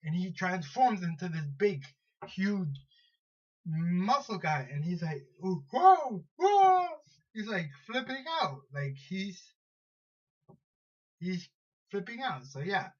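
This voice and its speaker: A high-voiced man retells a superhero story at an unhurried pace, stumbling over restarts and fillers as he goes. The recording sounds dull and lo-fi. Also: lively intonation. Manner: rambling, halting, many restarts and fillers. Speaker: vlogger counting down superheroes.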